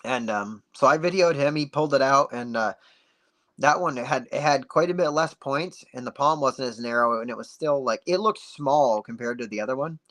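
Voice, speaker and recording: A man guest on a podcast, telling a story in a casual, animated way and acting out the dialogue. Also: mid-range voice, normal speed. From United States. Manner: animated, acts out dialogue with many "like"s.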